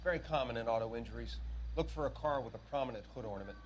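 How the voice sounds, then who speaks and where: A man's voice: medium pitch, racing, a little hiss or hum, lightly acted. An actor playing a sardonic male coroner in a 1940s crime game, matter-of-fact about the dead.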